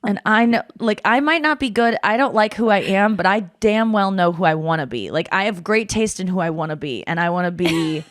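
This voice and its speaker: Podcast host, woman in her thirties, lively and self-mocking, close dry mic. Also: mid-range voice, fairly quick, few pauses, no room sound. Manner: animated, self-deprecating, swears freely. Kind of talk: casual chat.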